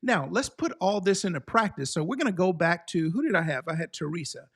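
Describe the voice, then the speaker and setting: A man's voice: high voice, expressive, fairly quick, a bit bright. A man coaching a live online exam-prep class, teaching steps and often checking in with the viewers.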